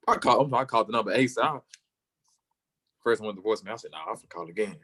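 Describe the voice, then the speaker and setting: A young man, a football player, telling his story in an interview and acting out the people he quotes, sometimes jumping way up in pitch for their lines. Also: expressive, rapid-fire, long pauses, a bit bright, breathy edge. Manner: acts out quoted voices, jumping high for other people.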